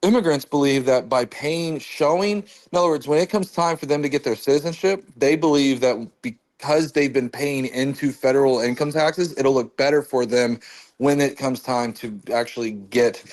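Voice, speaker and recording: A man hosts a loose chat about politics, his voice climbing sharply when he gets playful. He talks in an animated, storytelling way at a middling pitch. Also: moderate pace. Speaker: host.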